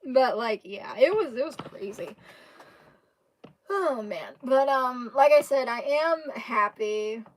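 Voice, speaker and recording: A woman's voice: sits high, animated, slow pace, a little hiss or hum. Giggly Southern woman live streamer. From Kentucky, USA. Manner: giggly, rambling, laughs often. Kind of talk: casual chat with stream viewers.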